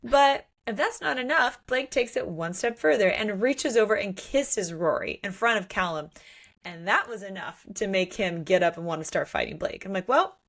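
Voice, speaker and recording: A woman co-hosting a podcast, recapping a novel in casual chat, animated, laughing often and acting out the characters' lines. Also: medium pitch, moderate pace. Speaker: podcast co-host. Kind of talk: casual book discussion.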